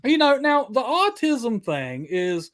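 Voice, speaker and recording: A man hosting a livestream chat, excitable and hyping up his guest and viewers. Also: very high-pitched, slow. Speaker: host.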